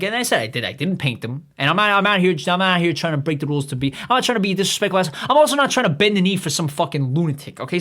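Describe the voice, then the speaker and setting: A man's voice: on the high side, a bit bright. A man hosting a comedy podcast, rambling through a profane monologue with many restarts. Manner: acts out quoted voices in his own voice. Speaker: podcast host.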